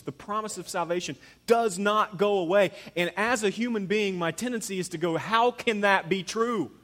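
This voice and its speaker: A man in his thirties preaching a sermon as pastor, emphatic, swinging between loud urging and hushed near-whispers. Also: on the high side, long reverb tail.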